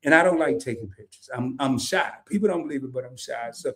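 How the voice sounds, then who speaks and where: A man hosting a casual interview show, an animated, folksy storyteller who jokes with his guest. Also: medium pitch, quick pace. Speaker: podcast host.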